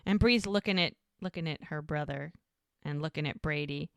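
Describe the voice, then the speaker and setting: A woman's voice: low-pitched, normal speed, no room sound. A woman co-hosting a podcast, retelling scenes in a casual chat and acting out the characters' lines. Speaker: podcast co-host recapping episodes.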